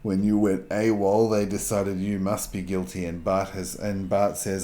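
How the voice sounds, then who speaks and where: A man narrating a tabletop game as game master, halting with fillers and restarts. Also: low-pitched, level tone, mellow.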